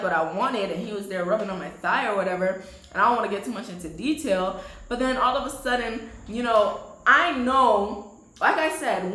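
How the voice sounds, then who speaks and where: A young woman casually telling a storytime to her viewers, animated and laughing often. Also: echoey room, low-quality recording. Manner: animated, laughs often, swoops high when excited.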